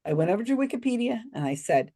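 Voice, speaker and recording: On a podcast, a woman guest tells a story with lots of expression, restarting quickly and slipping in asides. Her pitch swings widely whenever she recounts what others said, and the whole thing is animated storytelling in a casual interview.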